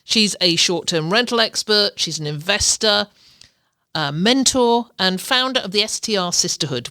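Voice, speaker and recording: A woman's voice: mid-range voice, pushed and bright, no room sound, studio quality. A middle-aged woman with an English accent, hosting a podcast interview in an upbeat way and laughing often. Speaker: podcast host.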